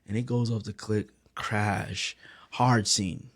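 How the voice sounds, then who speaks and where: A man's voice: on the low side, steady tone, a little slow. A man giving a casual spoken film review, earnestly retelling the scenes with lots of filler words.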